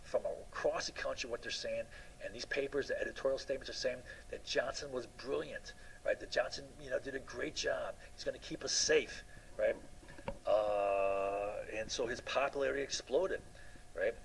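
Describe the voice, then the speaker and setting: A man's voice: medium pitch, steady tone, moderate pace, vocal fry, slight background noise, rough recording. A man lecturing a class in a loose, rambling way, often asking "right?" and restarting his sentences.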